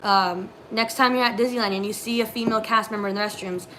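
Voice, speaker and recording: A young woman co-hosting a casual live stream, telling animated work stories with many fillers. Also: medium pitch, quick pace, slight background noise. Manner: animated storyteller, lots of fillers. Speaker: co-host, former theme park custodian.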